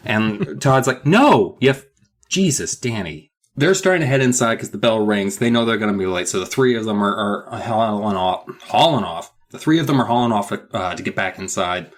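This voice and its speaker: A man co-hosting a comedy podcast, recapping a kids' horror book in casual chat and jumping into loud character voices. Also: fairly low pitch, brisk, few pauses. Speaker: podcast co-host.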